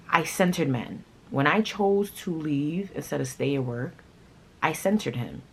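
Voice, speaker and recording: A woman vlogger telling a personal story in a casual, blunt, animated way, swearing freely. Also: very deep voice, slight background noise, rough recording.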